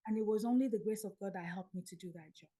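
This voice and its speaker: Animated woman telling a story. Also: mid-range voice, fast. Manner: animated, acts out dialogue. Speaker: podcast guest. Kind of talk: storytelling in an interview.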